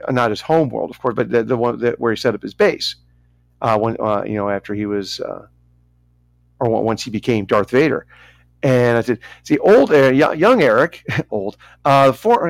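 A man's voice: medium pitch, no room sound. A man co-hosting a casual podcast chat, rambling, stumbling over names and making self-mocking asides. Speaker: podcast co-host.

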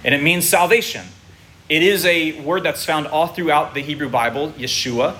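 A man's voice: fairly high pitch, moderate pace, sharp tone. A man preaching to his congregation, explaining patiently and checking in with his listeners. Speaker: pastor teaching a congregation. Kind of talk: sermon. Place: congregation room.

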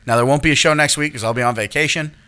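A man's voice: on the high side, very fast, sharp tone. A man co-hosting a podcast, chatting casually and loosely, swearing and trailing off with fillers. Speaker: podcast co-host. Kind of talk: casual chat.

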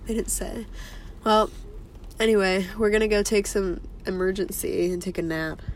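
A woman's voice: mid-range voice, fairly even intonation, moderate pace, a little hiss or hum. A woman in her early twenties co-hosting a podcast, chatting casually and telling rambling stories while fighting off a cold. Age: 20s. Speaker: podcast co-host. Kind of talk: casual chat.

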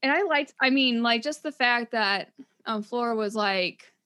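A woman co-hosting a casual book-talk show, lively and acting out characters' lines as she recaps. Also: on the high side, measured pace, clear, resonant tone. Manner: animated, acts out characters' lines. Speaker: podcast co-host.

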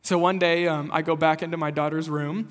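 High-voiced male pastor preaching. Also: flat delivery, fairly quick. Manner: storytelling, conversational, then earnest and preaching. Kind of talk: sermon. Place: church sanctuary. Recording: long hall reverb.

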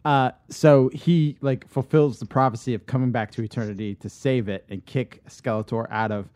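A man on a podcast casually pitching a movie idea, rambling with lots of fillers and restarts. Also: steady tone, normal speed, a little mellow, no room sound.

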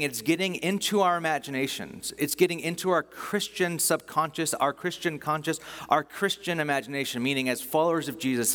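A male pastor delivers a sermon in a relaxed, conversational way, dropping jokes to the congregation. He slows right down when he reads scripture aloud. His mid-pitched voice rings out with a long reverb off a large church hall. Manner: conversational, joking asides, slows down to read scripture.

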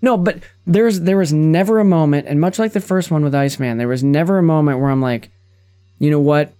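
A man's voice: a little high, fast, mellow. Eager young man rambling about a movie. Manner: enthusiastic, rambling, restarts sentences. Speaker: podcast co-host. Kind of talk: casual movie discussion.

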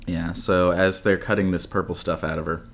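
A man's voice: low voice, fairly even intonation, fairly quick, vocal fry, a little hiss or hum. A man co-hosting a casual movie review chat, retelling scenes with sarcasm and mock voices. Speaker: podcast co-host.

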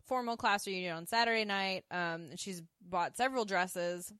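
She sounds like a podcast co-host walking her partner through an episode, quoting each character's lines as she goes and breaking into laughter. Her voice sits at an ordinary middle pitch, and the recording is close and dry with no room sound behind it. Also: moderate pace, fairly bright tone, smooth, no room sound. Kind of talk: casual chat recapping an episode.

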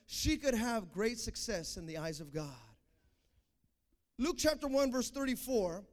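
A young man preaching a sermon, swinging from fervent shouted calls to the congregation to quiet, confessional stories. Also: extremely high pitch. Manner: impassioned, builds to shouting, then quiet and confessional.

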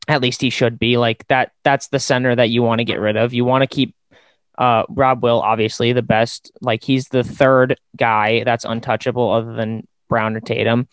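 A man's voice: mid-range voice, flat delivery, normal speed, clear, resonant tone, no echo. A man hosting a casual sports podcast, rambling and opinionated, with lots of fillers. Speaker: podcast host.

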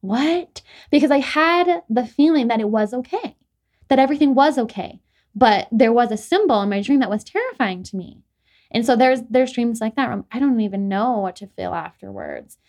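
Her voice is fairly high, expressive, and a little mellow, and she talks fairly quickly. She's a young adult woman hosting a podcast, rambling through casual stories full of "like" and restarts.

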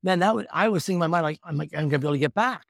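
Fast-talking man in his fifties. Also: on the high side, vocal fry, dry recording, studio quality. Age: 50s. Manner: energetic, animated storytelling. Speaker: podcast guest. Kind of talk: storytelling in conversation.

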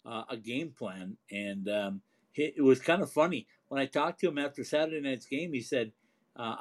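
A man's voice: mid-range voice, normal speed. A man co-hosting a casual hockey talk show, chatty and laughing as he tells stories. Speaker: hockey broadcaster, co-host.

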